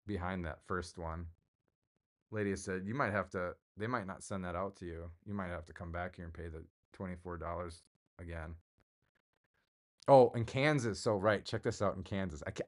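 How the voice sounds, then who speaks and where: A middle-aged man hosting his own livestream, chatting casually in a rambling, jokey way and answering viewers. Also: sits low. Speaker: livestream host.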